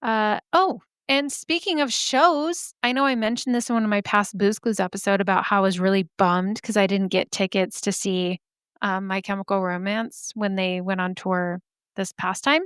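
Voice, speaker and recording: Woman podcast host, bubbly and chatty, slightly scratchy throat, smooth clear voice, dry close mic. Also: mid-range voice, steady tone, normal speed, a bit bright, no echo. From Arizona. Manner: bubbly, chatty, laughs often. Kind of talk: casual chat. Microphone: studio microphone.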